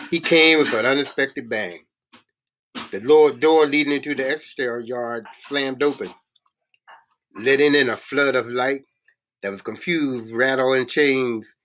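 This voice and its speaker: A man reading a novel aloud in a halting way, often stumbling and restarting words. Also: mid-range voice, a bit bright. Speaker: reader.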